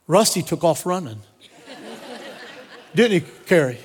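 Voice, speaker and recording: A pastor preaching a sermon, driving points home through repetition and telling personal stories. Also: male voice, sits high, lively intonation, moderate pace, long pauses. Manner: repetitive emphatic preaching cadence. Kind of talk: sermon with storytelling. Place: church sanctuary. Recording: long reverb of a church hall.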